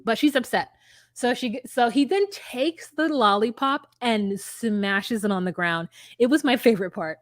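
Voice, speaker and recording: A woman co-hosting a casual podcast chat, retelling reality-show scenes and acting out both people in quick voices. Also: fairly high pitch, dry recording, clean studio sound.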